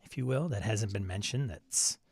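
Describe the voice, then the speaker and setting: A live stream show host with a lowish, husky voice and some vocal fry reads viewers' messages aloud at normal speed, chuckling and riffing casually. The audio has no echo.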